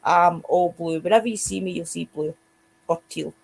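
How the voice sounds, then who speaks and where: Husky Scottish woman with a gravelly edge. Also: on the low side, normal speed. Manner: chatty, addresses listeners directly. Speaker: co-host. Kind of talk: casual chat.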